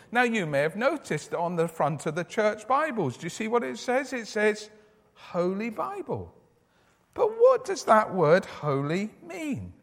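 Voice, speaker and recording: A man giving a lively children's talk in church, asking the children questions as he goes. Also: sits high. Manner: animated, asks children questions. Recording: echoey church hall.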